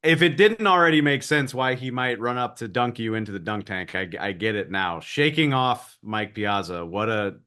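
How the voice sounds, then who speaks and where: A man hosting a sports podcast who thanks his guest, then recaps a game in a relaxed, conversational way and jokes about getting old. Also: medium pitch, normal speed, hardly any pauses, smooth. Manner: conversational, self-deprecating. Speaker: podcast host.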